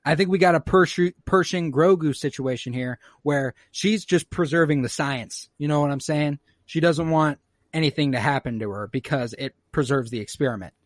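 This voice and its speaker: A man's voice: on the high side, normal speed, no room sound, studio quality. A man hosting a podcast, casually recapping an episode in a laid-back, profane way and acting out the characters' lines. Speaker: podcast host.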